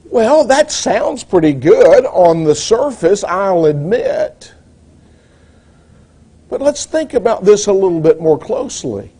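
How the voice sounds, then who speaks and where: A man preaching a sermon in a measured, deliberate way, posing rhetorical questions to the congregation. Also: high voice, sing-song, dark tone, breathy edge.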